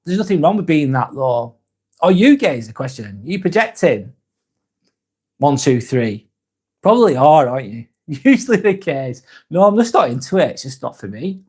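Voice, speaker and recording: A man's voice: on the high side, big pitch swings, moderate pace, darkish tone, husky. A man in his forties with a Northern English accent, hosting a live stream and reading out chat comments, joking and rambling with frequent restarts. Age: 40s.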